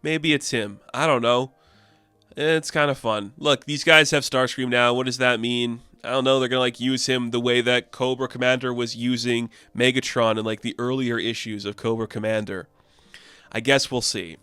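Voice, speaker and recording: Young man, comic recap, rambling, bright crisp voice, dry room. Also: medium pitch, fairly even intonation, normal speed, no room sound, soft background music. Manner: rambling, laughs, lots of fillers. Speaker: comic book reviewer.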